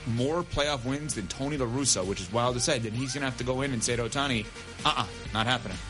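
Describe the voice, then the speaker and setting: A man's voice: medium pitch, quick pace, over music. A man co-hosting a sports talk show, giving wry, emphatic opinions. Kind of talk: sports debate chat.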